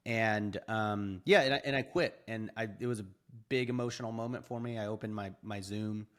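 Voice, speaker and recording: A young adult man, a podcast guest, telling his story in an animated, casual way and acting out quoted dialogue. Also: lowish voice, brisk.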